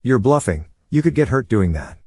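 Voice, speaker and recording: A man voicing a shy, gentle teenage ninja girl in a fan-fiction reading, soft and hesitant with stammers. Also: mid-range voice, very animated, moderate pace, no echo, clean studio sound, voice pushed up. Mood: soft, pleading.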